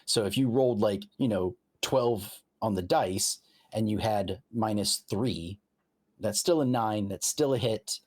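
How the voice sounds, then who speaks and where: Speaking in a lowish, unhurried voice that is a bit mellow and breathy, a man acting as game master explains tabletop rules casually. He goes step by step, offers examples, and keeps restarting sentences.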